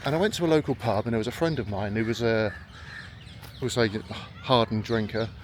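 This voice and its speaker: A man's voice: mid-range voice, lively intonation, brisk. A middle-aged man talking casually while walking in a park, telling stories and acting out what people said. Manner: chatty storytelling, acts out quoted voices. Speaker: vlogger. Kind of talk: rambling walk-and-talk vlog. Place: outdoors in a park. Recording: faint outdoor background noise.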